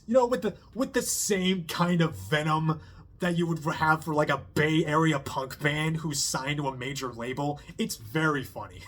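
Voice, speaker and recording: A man talks through a movie review in a loose, rambling way, stacking fillers and restarting his sentences. His voice sits a little high for a man. A faint background hum runs under the recording. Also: a bit bright. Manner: rambling, many fillers and restarts, quick impressions. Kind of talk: casual spoken film review.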